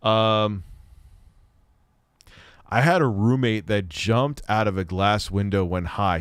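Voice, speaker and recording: A man's voice: lowish voice, smooth, no room sound, clean studio sound. A man hosting a casual livestream Q&A, reading viewer questions aloud and answering in a rambling, profane way.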